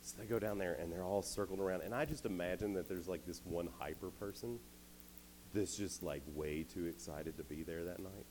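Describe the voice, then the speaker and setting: Brief: young man preaching to teens, low voice, loose and animated, with faint background noise. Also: a little fast. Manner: animated, casual, many "like"s. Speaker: youth speaker. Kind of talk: storytelling sermon to teens.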